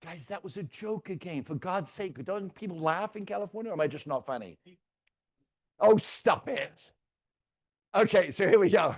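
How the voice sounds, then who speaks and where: A man leading a live real estate training, teasing the audience and swinging between loud and soft. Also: high-pitched, expressive, moderate pace. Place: stage before a live audience.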